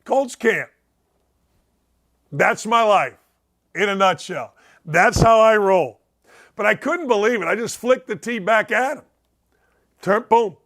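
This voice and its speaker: A man with a very high speaking voice hosts a sports talk show. He spins long, rambling anecdotes with bursts of excitement and keeps circling back to the same lines. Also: measured pace, pauses often. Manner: excitable, rambling storyteller who repeats himself.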